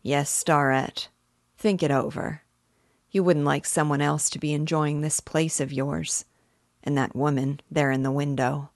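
A menacing gunman drawing out a slow, sneering threat, as a woman reads him aloud. The voice is low and dry, close to the mic. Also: steady tone, no room sound. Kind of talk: reading a novel aloud.

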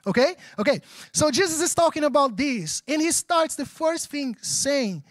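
A man with a notably high voice preaches a sermon in English, which he learned as a second language. His pastoral delivery is animated and chatty, and he keeps asking the room if they follow him. The sound is close and dry. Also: normal speed, dry recording. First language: not English. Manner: animated, conversational preaching with frequent audience check-ins.

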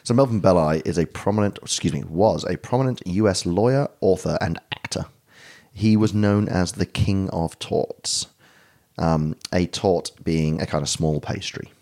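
Deep-voiced rambling podcast host. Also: male voice, moderate pace, mellow. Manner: rambling, jokey, swears casually. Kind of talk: casual podcast chat.

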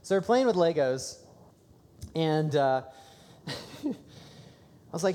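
A man preaching a sermon at a church service, telling stories conversationally and breaking into excited bursts. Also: mid-range voice, a little slow, long pauses, a little hiss or hum. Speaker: pastor. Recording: long hall reverb.

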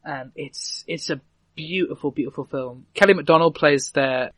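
A man's voice: fairly high pitch, normal speed, a bit bright, no echo. A man casually recounting a film's story, rambling and correcting himself as he goes. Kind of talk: casual chat.

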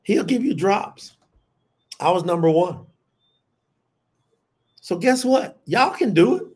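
A man's voice: high-pitched, slow pace, slightly rough. A middle-aged man preaching a sermon, talking animatedly and calling out to his listeners as y'all. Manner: animated, addresses the audience as y'all.

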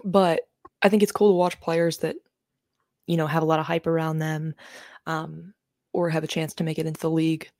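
Low-voiced woman rambling through a podcast. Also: level tone, moderate pace, a little mellow, no echo, studio quality. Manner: rambling, lots of "um" fillers, swears casually. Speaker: podcast co-host. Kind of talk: casual chat.

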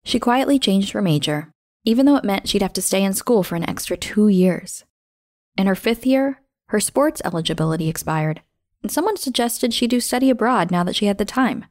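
A woman narrates a scripted story as host, reading at a steady, measured pace. Her voice sits at an ordinary middle pitch, and she slows down on key phrases for emphasis. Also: no room sound, studio quality.

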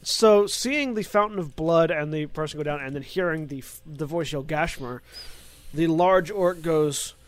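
A man serving as game master, describing combat in quick bursts that stumble and restart. His voice sits a little high for a man. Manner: rapid, halting narration with restarts. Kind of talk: narrating a tabletop game.

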